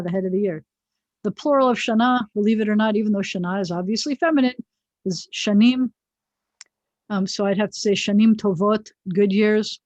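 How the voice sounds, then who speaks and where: A woman's voice: medium pitch, a little mellow, no room sound. A woman rabbi teaching a biblical Hebrew class online, chatting through the vocabulary with personal asides. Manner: chatty, digressive, explains word by word with asides. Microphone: video call. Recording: dull, dry video-call audio.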